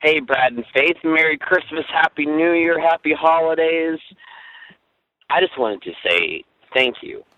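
A man leaving a cheerful, teasing voice message for the hosts, speaking haltingly. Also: on the high side, bright, forceful tone, no room sound. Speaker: listener sending a voice message. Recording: dull lo-fi voice message.

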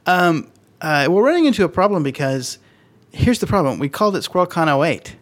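A podcast co-host in casual chat, a man whose voice swings widely in pitch as he rambles and jokes. He talks in a loose, playful way. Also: sing-song, fairly quick.

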